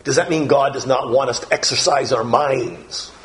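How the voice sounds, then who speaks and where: A man's voice: medium pitch, moderate pace, a bit bright. A man preaching a morning sermon as pastor, earnest, repeating phrases and pushing his voice up on the key words.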